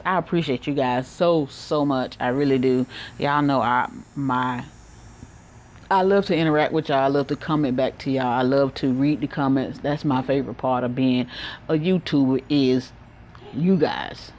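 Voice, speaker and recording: A woman vlogging outdoors on her back porch, talking candidly and warmly to her viewers in a chatty, heartfelt way. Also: low voice. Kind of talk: casual vlog talk to camera.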